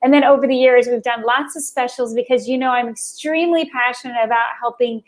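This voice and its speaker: A woman's voice: a little high, fairly even intonation, fairly quick. A woman guest on an interview show, bubbly and exclamatory, speaking in casual chat. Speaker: guest, former radio host.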